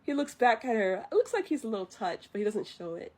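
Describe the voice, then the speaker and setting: Animated woman retelling a film. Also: a little high, fast. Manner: animated, laughing, stops to remember. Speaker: streamer. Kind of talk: reciting a film from memory on a livestream.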